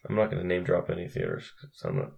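A man's voice: low-pitched, huge pitch swings, quick pace, vocal fry, a little mellow. A young man co-hosting a casual film chat, rambling with restarts and cursing freely. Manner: rambling, profane, with frequent restarts. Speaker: podcast co-host.

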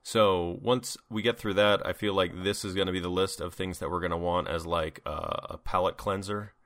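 A man's voice: low voice, steady tone, moderate pace, a bit bright, dry recording, clean studio sound. A man co-hosting a casual movie podcast, joking and laughing often. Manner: jokey, laughs often, does goofy voices. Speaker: podcast co-host.

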